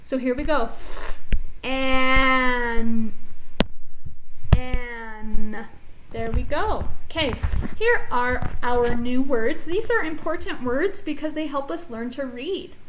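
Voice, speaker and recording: Woman, high voice, slow, phonics teacher, clear and encouraging, faint background noise. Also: lively intonation, rough recording. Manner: slow, clear, encouraging, models sounds for children. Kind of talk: early reading phonics lesson.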